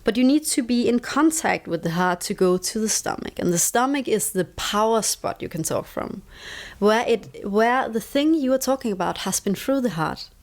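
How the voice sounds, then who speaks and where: Her fairly high, slightly mellow voice moves with lively intonation at a normal speed. She's from Denmark, a native Danish speaker with a Danish accent, reflecting conversationally on stress as an interview guest and repeating words for emphasis.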